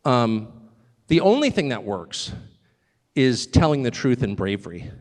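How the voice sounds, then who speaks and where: A middle-aged man giving a live public speech as a guest speaker, animated and sardonic, with mocking asides and short chuckles. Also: medium pitch, unhurried. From United States. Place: large hall with a live audience. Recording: long hall reverb with crowd.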